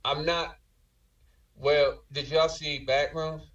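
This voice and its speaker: A man chatting casually as a podcast guest, animated, slangy and profane. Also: on the high side, slow pace, distant mic, lo-fi sound.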